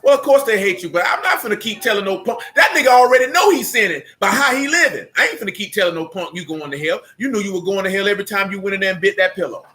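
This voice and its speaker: High bright-voiced blunt male preacher. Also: lively intonation, fast talker, hardly any pauses. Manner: emphatic, blunt street-slang preaching; mocking asides with laughter. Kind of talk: sermon.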